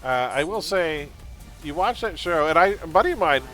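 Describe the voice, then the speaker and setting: A man's voice: a little high, expressive, a little fast, pushed and bright, soft background music. Chatty man streaming a game. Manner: chatty, laughs often, rambles into pop-culture tangents. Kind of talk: casual live-stream chat.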